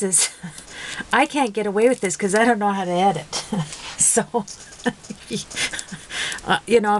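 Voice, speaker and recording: Slow-talking giggly woman crafting. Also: mid-range voice, slight background noise, low-quality recording. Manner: giggly, rambling, self-mocking. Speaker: card-making vlogger. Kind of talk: casual crafting video chat.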